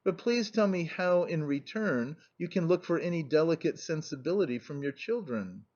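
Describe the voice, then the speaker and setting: A man's voice: on the high side, expressive, moderate pace, darkish tone, close to an everyday voice. Man reading elderly grandmother, aristocratic, cutting, ironic, muffled recording. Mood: sharply ironic. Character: elderly aristocratic grandmother, cool and sharp-tongued.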